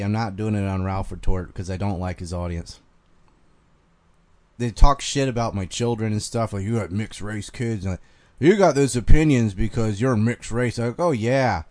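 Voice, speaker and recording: A man with a low voice and a light Carolina Southern twang talks bluntly and profanely. He rants in a casual livestream style and shows little restraint. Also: a little mellow. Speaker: podcast host reading donations.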